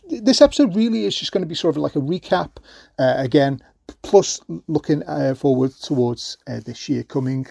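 A man's voice: on the high side, vocal fry, mellow, no echo, studio quality. A man hosting his own podcast alone, talking in a loose, rambling way with lots of fillers and restarts. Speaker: podcast host. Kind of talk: solo podcast monologue.

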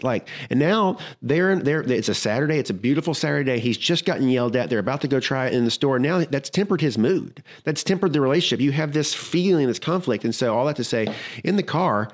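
A man's voice: medium pitch, a little fast. A married man co-hosting a casual talk show about marriage, telling stories and acting out the people in them. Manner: animated storyteller, acts out quoted lines. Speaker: podcast co-host. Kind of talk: casual marriage advice chat.

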